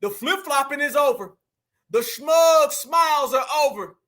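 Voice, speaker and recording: A man's voice: very high voice, animated, measured pace, bright, forceful tone. A man hosting reaction commentary, preachy and mocking, repeating points and firing rhetorical questions. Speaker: commentary host.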